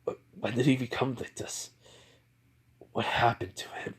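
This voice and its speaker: A man doing a hushed shaken father. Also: medium pitch, fairly even intonation, a little slow, breathy edge, in a whisper. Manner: hushed, stammering. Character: shaken middle-aged male hero father.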